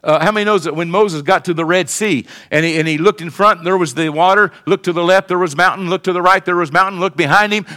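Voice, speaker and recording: An older male pastor preaching, his voice high for a man and bright in tone. He leads his church in call and response, dropping low and soft, then climbing to a shout. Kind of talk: sermon.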